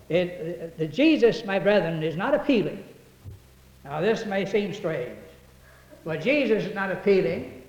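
A man preaching a sermon, quoting scripture in old-fashioned wording and getting louder on the verses. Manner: rises in pitch and volume on quoted verses, hesitant restarts between. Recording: echoey hall, dull lo-fi sound.

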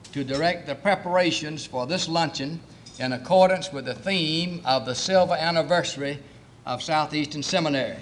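A man chairing a committee, giving a formal, measured welcome address and reading out lists of honored guests. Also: a little high, fairly bright tone, slight background noise.

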